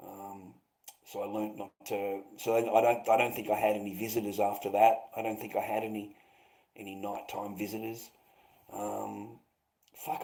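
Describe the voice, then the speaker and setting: A man's voice: fairly low pitch, a little mellow, poor audio. A middle-aged Australian man rambling bitterly to viewers, swearing constantly and calling them mate. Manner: profane, bitter, repetitive, calls listeners mate. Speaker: vlogger.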